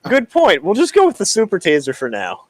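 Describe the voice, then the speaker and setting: A man with a lively, somewhat high voice asks about the rules while playing a tabletop game. The sound is dry and close. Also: fairly quick, no echo. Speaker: player. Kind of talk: casual game chat.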